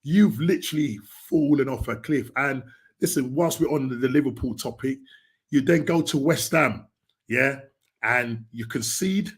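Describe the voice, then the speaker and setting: A man hosting a football podcast, talking in a rambling, excitable way with lots of restarts. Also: mid-range voice, moderate pace. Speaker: podcast host. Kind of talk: casual football chat.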